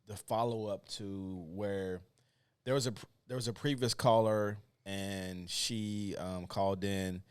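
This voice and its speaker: Male podcast host, deep register, halting casual explanations. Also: steady tone, smooth.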